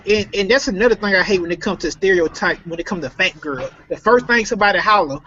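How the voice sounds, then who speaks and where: A man's voice: sits high, fast talker, pushed and bright. A man in casual podcast chat, ranting bluntly about something that annoys him. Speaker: podcast co-host. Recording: muffled lo-fi recording.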